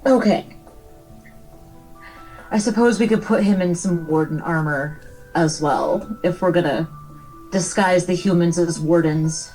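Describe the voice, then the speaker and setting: Slow, lower-voiced woman role-playing. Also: a little mellow, faint music behind, rough recording. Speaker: tabletop game player. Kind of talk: in-character role-play.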